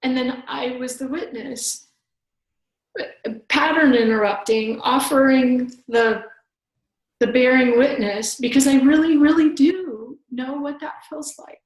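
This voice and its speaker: A woman's voice: high-pitched, steady tone, takes it slowly. A middle-aged woman telling personal stories as a podcast guest, earnest and reflective, often restarting her sentences. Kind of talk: personal storytelling in conversation. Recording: roomy echo.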